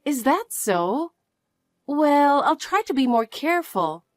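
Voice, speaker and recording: A woman voicing a polite, patient young wife who speaks softly and apologetically. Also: high-pitched, big pitch swings, slow pace, no echo, studio quality, exaggerated voice. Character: polite, patient young wife, a put-upon daughter-in-law. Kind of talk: dramatized story dialogue.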